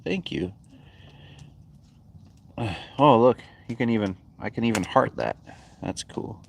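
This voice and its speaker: A man's voice: on the low side, moderate pace, vocal fry, long pauses. A man hosting a casual livestream chat outdoors by a backyard bonfire, talking in an easygoing, rambling way and chuckling often. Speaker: livestream host. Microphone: phone.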